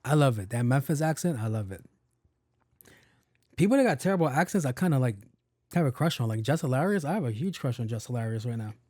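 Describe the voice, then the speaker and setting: A podcast host with a medium-pitched, slightly mellow voice talks fast and animatedly in a casual solo chat. He rambles, swears freely and trips over tongue twisters. The recording is dry and clean, with a studio sound.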